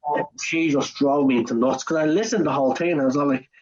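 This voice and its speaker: A young Irish man on a casual podcast, telling a work story in an animated way and acting out both sides in quoted voices. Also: fairly high pitch, fast talker, muffled recording. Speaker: podcast co-host. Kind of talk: casual chat.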